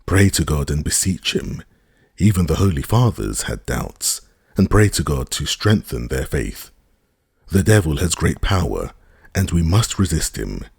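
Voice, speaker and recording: A man reading a hurried, weary old priest. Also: rumbling low, very animated, creaky, darkish tone, breathy edge, no room sound, clean studio sound, heavily acted. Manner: rapid routine church patter.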